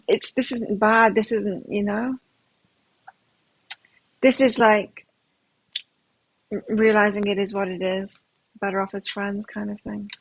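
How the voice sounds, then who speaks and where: A woman's voice: mid-range voice, breathy edge, no echo, poor audio. A middle-aged woman giving a live tarot reading, chatty and rambling, often restarting her sentences. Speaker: tarot reader.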